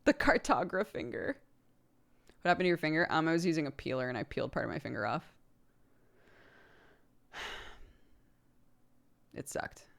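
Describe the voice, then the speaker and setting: A woman's voice: deep voice, sing-song, moderate pace, vocal fry, long pauses. A woman streamer and mother chatting casually with her viewers, rambling with many fillers and frequent laughs. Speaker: streamer host; mother of a toddler.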